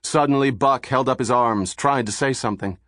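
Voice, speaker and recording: A man reading a thriller audiobook in steady, measured narration, recorded on a studio microphone. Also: mid-range voice, no echo.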